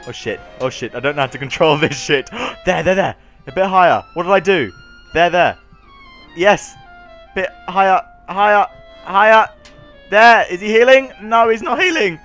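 A young man giving excitable gameplay commentary, swearing and talking to the game as he plays. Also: sits high, moderate pace, faint music behind. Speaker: gaming YouTuber.

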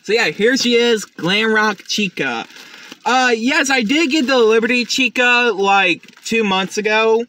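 A tired man with a notably high, bright voice hosts a casual unboxing vlog. He rambles in a chatty way, with plenty of fillers and restarts. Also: measured pace. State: tired, up since early morning. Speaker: YouTube unboxing host.

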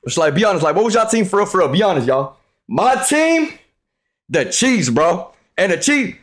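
Loud, profane young man streaming. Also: high voice, very animated, normal speed. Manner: loud, profane, trash-talking, often shouting. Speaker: live streamer. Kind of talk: hyped live-stream chat with viewers.

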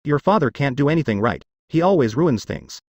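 A man's voice: mid-range voice, animated, a little fast, dry recording, dull audio, lightly acted. A man voicing an angry, resentful immortal woman in a fantasy audiobook, speaking coldly and accusingly. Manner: cold and accusing.

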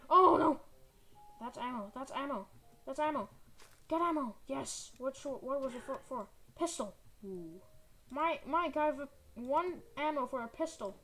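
A high-voiced woman narrating a video game as she plays it. She is excitable and melodramatic, and she keeps calling out to her teammate. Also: normal speed. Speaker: gaming channel host. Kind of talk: let's-play commentary.

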